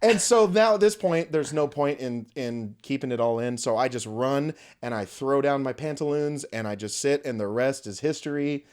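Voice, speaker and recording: With a mid-range, darkish voice, this young podcast host narrates a story at a moderate pace with hardly any pauses. He's animated and casual, swearing freely and acting out the voices he quotes.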